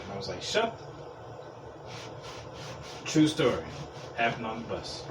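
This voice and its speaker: A man's voice: medium pitch, a little fast, pauses often. A man hosting a podcast, telling rambling stories in a blunt, profane, casual way. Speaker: podcast host. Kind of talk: casual solo podcast rant. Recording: distant mic with clear background noise.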